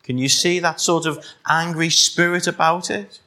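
A man's voice: fairly high pitch, fairly even intonation, normal speed, pushed and bright. A middle-aged man with a Liverpool accent preaching a sermon, firing rhetorical questions at the congregation and adding teasing asides. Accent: Liverpool (Scouse). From Liverpool, England.

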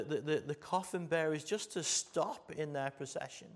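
An English pastor with a slightly raised pitch delivers a sermon to his congregation. He swings from forceful emphasis to hushed, intimate tones and keeps drawing listeners in with rhetorical questions. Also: a little slow, few pauses.

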